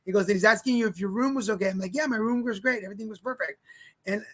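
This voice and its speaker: A man co-hosting a casual livestream chat show, telling a story in a lively way and acting out the other people in it. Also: sits high, fast. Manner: animated storyteller, acts out quoted lines. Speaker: co-host.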